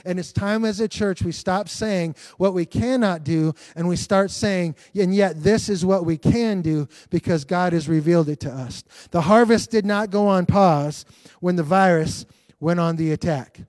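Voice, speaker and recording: Male pastor preaching earnestly, keeps repeating himself, pretty high voice. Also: moderate pace, a little mellow, dry recording. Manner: earnest, repetitive, restarts often. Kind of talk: livestreamed sermon.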